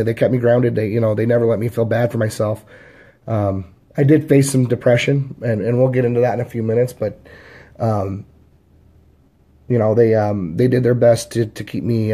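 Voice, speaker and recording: Mellow-voiced man rambling through memories. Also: mid-range voice. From Chicago area, USA. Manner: halting, rambling, many fillers and restarts. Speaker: storyteller sharing his life story. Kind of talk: casual personal storytelling.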